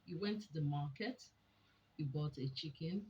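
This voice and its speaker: A woman giving a teaching talk to an audience, deliberate and emphatic, often asking rhetorical questions. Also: low voice, a little mellow, muffled recording, a little hiss or hum. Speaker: speaker on a women's program.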